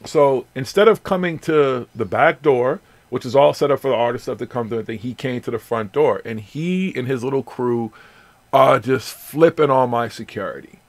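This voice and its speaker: A man hosting a casual late-night radio chat, telling stories in a loose, profane and animated way. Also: mid-range voice, moderate pace, no echo. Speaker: radio show host.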